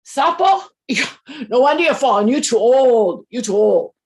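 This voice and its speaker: A woman voicing a schoolgirl who teases in a louder voice. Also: on the high side, expressive, a little slow. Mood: teasing. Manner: teasing, louder. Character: teasing, mocking schoolgirl.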